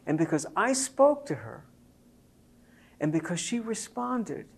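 A man's voice: high-pitched, a little slow, creaky, slightly rough. A man preaching a sermon to a congregation, telling a family story and building to emphatic points. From Jewish believer speaking to a congregation. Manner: storytelling, animated, rising to emphatic peaks.

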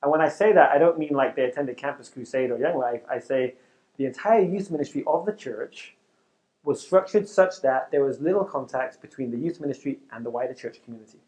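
A middle-aged man who leads a youth ministry, giving an animated, conversational talk to youth workers in front of a live audience. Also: medium pitch, brisk.

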